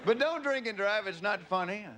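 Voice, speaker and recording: A man's voice: high-pitched, lively intonation, moderate pace. A man with a Southern US accent doing a stand-up routine, drawling through stories and slipping into voices. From Southern United States. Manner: drawling, storytelling, slips into character voices. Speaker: stand-up comedian. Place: comedy club stage. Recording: live club audio with crowd and noise. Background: laughing audience.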